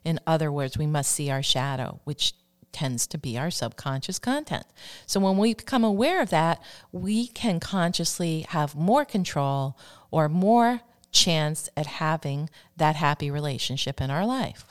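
A woman with a notably low voice hosts a gentle self-help broadcast. She speaks calmly and unhurriedly, coaching listeners and slowing down to lead them through affirmations. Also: clean tone. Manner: calm, slow, coaching tone leading affirmations. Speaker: radio show host. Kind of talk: self-help talk on love and relationships.

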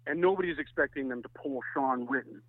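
A man from Canada, a softball pitcher, telling rambling anecdotes as a podcast guest. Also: a little fast, no room sound. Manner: rambling anecdotes with many restarts. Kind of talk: casual chat, storytelling. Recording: tinny phone-like line, dry.

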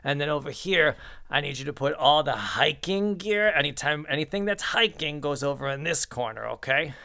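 Brief: gruff, gravelly counselor barking orders in a tabletop game, played by the game master. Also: mid-range voice, animated, moderate pace, sharp tone. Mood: bossy. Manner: bossy, crude, rambling orders. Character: gruff camp counselor who smokes.

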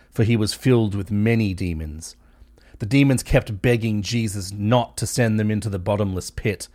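Low-voiced man reading scripture. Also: no room sound, clean studio sound. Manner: measured, steady. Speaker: Bible reader.

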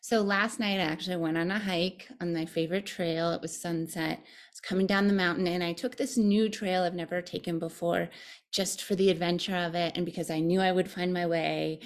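A woman meditation teacher, a podcast guest, speaking in a reflective, gentle and thoughtful way. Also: on the low side, steady tone, fairly quick. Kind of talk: podcast conversation.

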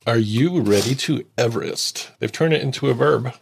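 A man's voice: medium pitch, normal speed, gravelly, slight background noise. A man co-hosting a casual chat, cutting in with dry jokes and short remarks. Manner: dry joking interjections. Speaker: podcast co-host.

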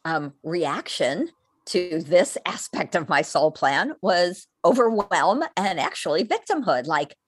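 Woman w/ a lowish voice, swoops around a lot, dry close sound, chatty guest. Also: breathy edge, no room sound. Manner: animated storyteller, quick shifts into quoted voices. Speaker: guest, spiritual teacher. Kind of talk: conversational interview.

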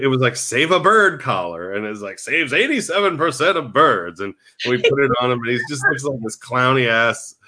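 A man in casual comedic chat, telling animated stories as a podcast co-host. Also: mid-range voice. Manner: animated storytelling with laughs.

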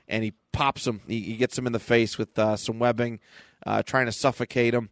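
A man co-hosting a podcast, recapping a comic book in casual chat and jumping into quick character voices as he goes. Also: medium pitch, fairly even intonation, no echo. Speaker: podcast co-host.

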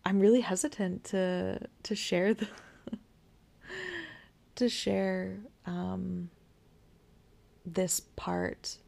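A young woman hosting a podcast, candidly telling a personal story with whispered asides and soft laughs. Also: medium pitch, lively intonation, very slow, gravelly, long pauses. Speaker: podcast host sharing her birth story.

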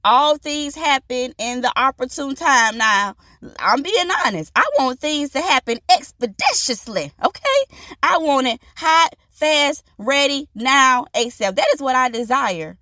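A woman hosting a podcast, telling an inspirational story in an animated, preachy way and acting out the voices in it. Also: high voice, unhurried, no room sound, clean studio sound. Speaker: podcast host.

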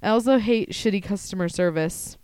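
A young woman co-hosting a podcast in casual chat, blunt and quick to swear and laugh. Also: medium pitch, darkish tone, clear, resonant tone, no echo, clean studio sound. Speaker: podcast co-host.

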